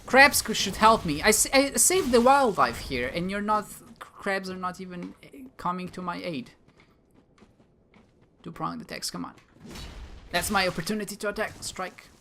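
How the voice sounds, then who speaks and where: A man's voice: high-pitched, lively intonation, normal speed, pushed and bright, a little hiss or hum. A man giving playful, self-mocking commentary as he plays a game, talking back to enemies. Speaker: gamer, video host. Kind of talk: live gameplay commentary.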